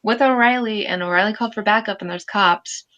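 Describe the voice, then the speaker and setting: A woman's voice: mid-range voice, a little fast, fairly bright tone, highs cut off. A young woman co-hosting a podcast, casually recapping a TV episode, bluntly quoting characters and swearing. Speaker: podcast co-host.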